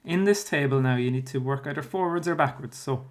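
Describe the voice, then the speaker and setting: Speaking briskly in a mid-range voice, an Irish man who teaches primary school guides his class through a spelling workbook. His explanations are patient and steady, with fillers slipped in while he thinks.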